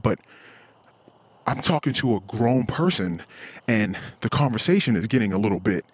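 A man's voice: mid-range voice, animated, normal speed, slightly rough. Profane man ranting while walking outside. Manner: rambling, profane, frustrated; acts out quoted voices. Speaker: podcast host. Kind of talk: casual solo monologue. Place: outdoors, walking in a cul-de-sac.

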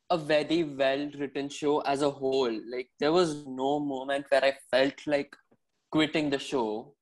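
A man's voice: medium pitch, darkish tone, poor audio. A young man co-hosting a podcast, giving a wordy, formal-sounding review. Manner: slow, wordy, formal phrasing. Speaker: podcast co-host.

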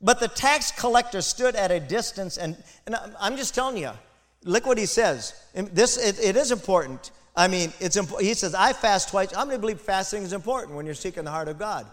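Male pastor, fairly high voice, impassioned sermon delivery, long church-hall reverb. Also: lively intonation, fairly quick. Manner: impassioned, builds to loud emphatic peaks, asides to congregation.

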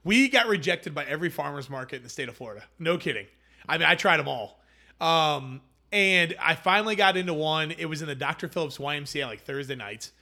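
Animated, bright-voiced young man telling stories. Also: on the high side, fairly quick. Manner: animated anecdotes, acts out quoted voices. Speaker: hummus company founder, guest. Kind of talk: casual storytelling interview.

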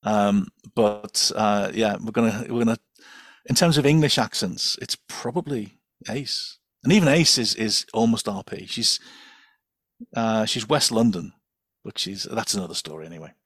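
A man on a podcast, chatting in an animated, digressive way. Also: on the low side, normal speed, husky, no room sound, studio quality. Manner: animated, digressive, many fillers and restarts. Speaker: podcast guest. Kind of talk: casual chat.

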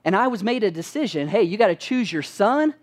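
A man's voice: sits high, big pitch swings, brisk. Man preaching with rhetorical questions. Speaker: pastor. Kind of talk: sermon.

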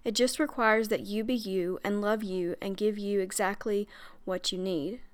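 A woman's voice: mid-range voice, steady tone, moderate pace. A young adult woman hosting a podcast as a breathwork coach, talking in an earnest, chatty way with frequent fillers and little laughs. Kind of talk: casual monologue.

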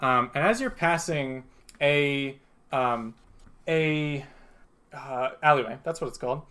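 A man's voice: medium pitch, slow, bright, forceful tone, smooth. A young man narrating as game master, rambling with many fillers and chuckling as he goes.

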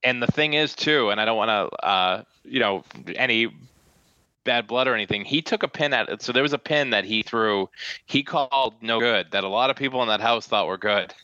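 A man's voice: mid-range voice, fairly quick, pushed and bright, dry recording. Man hosting a podcast, rambling storyteller, dry dull recording. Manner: rambling storyteller, many fillers. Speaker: podcast host. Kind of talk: casual podcast chat. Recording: muffled dry audio.

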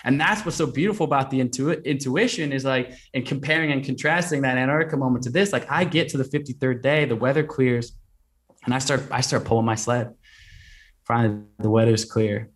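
Man telling his story with animated energy. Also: mid-range voice, a little fast. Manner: animated, with lots of repeated "like" fillers. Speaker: guest recounting an expedition. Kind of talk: conversational interview storytelling.

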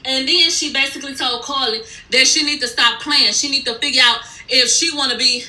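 A woman's voice: sits high, steady tone, brisk, hardly any pauses, bright, forceful tone, roomy sound, low-quality recording. A woman giving a blunt, profane, sassy recap of a reality TV episode in casual speech.

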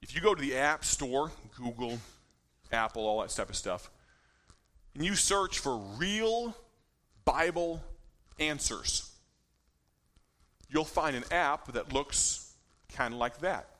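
A man in his thirties speaks to a gathered audience at a mid pitch, in a loose, conversational way. He jokes with the crowd and keeps checking in with his listeners as he talks. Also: sing-song, slow, long pauses, fairly bright tone. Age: 30s. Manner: chatty and joking, checks in with listeners. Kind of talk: informal talk to a live audience.

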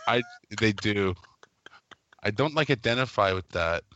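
A man co-hosting a casual podcast, telling profane, animated stories about his family. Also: on the low side, unhurried, highs cut off. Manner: profane storyteller, animated when quoting his mom. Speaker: podcast co-host. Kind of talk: casual chat.

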